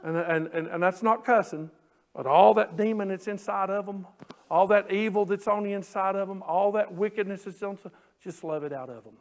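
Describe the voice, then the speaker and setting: A man's voice: sits high, moderate pace. A man preaching a sermon to his church, drawing out scripture phrases and building emphasis. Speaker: pastor. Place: church sanctuary.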